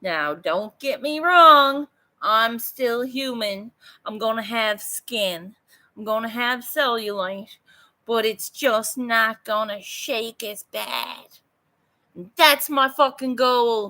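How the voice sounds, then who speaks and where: This woman's voice sits on the high side, with a sharp tone and a slow pace. She's an artist vlogger from Newfoundland, Canada, with a Newfoundland English accent, chatting casually and bluntly to viewers live while swearing freely and laughing a lot.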